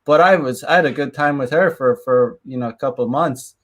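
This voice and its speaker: A man's voice: mid-range voice, a bit bright. A man hosting a podcast in casual chat, telling a personal story with many halts and restarts. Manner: halting, many fillers and restarts. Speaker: podcast host.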